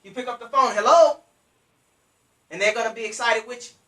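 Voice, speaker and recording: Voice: medium pitch, fairly even intonation, very fast, pushed and bright. Pumped-up sales trainer, punchy and repetitive, mic kinda far off, roomy echo. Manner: emphatic, repetitive, coaching directly to listeners. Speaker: business trainer. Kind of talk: motivational sales coaching.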